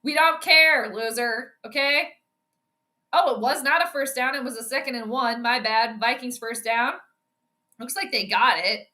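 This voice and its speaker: A woman's voice: a little high, moderate pace. A young woman giving casual live commentary on a football game, chatting with her viewers and reacting to each play. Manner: chatty, reacts loudly to plays, talks to viewers. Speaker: astrology sports streamer.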